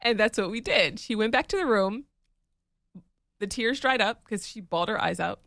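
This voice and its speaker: Woman cohost chatting casually, acts out what people said, kinda fry-ish voice. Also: mid-range voice, normal speed, no echo, clean studio sound. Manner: lively storytelling, acts out quoted lines. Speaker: podcast co-host. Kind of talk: casual chat.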